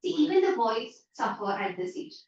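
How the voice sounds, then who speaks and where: High-voiced Indian English teacher, echoey call. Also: female voice, very animated, normal speed, a little mellow, slight background noise. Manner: explains by paraphrasing lines and acting out everyday remarks. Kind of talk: online class lecture explaining a story. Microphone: video call. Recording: echoey, distant, dull online-call audio.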